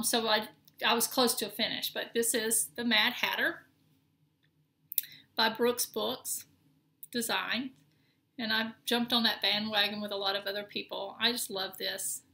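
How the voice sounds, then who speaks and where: A woman's voice: a little high, bright, forceful tone. A middle-aged woman with a Southern accent, chatting casually and rambling a little as she shows her cross-stitch projects. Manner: chatty, rambling, with many ums and restarts. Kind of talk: casual show-and-tell.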